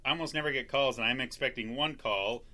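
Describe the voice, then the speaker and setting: An older man co-hosting a casual podcast, agreeable and quick to chuckle. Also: medium pitch, bright, forceful tone. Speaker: podcast co-host.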